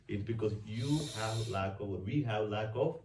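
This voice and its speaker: A man's voice: fairly low pitch, normal speed, a little mellow, slight background noise. A man preaching a conversational weekday homily as a priest, with frequent restarts and rhetorical questions. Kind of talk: sermon. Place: church. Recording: roomy church sound from a distant mic.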